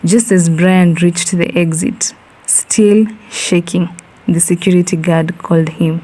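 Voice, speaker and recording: A woman narrating a comic horror story in an unhurried way, dropping in slang asides. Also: on the low side, fairly even intonation, a little mellow, poor audio.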